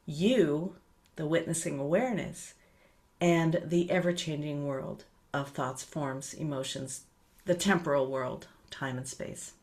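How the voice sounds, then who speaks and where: A middle-aged woman teaching meditation, speaking gently and unhurriedly, with soft repeated words that trail off quietly. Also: fairly low pitch.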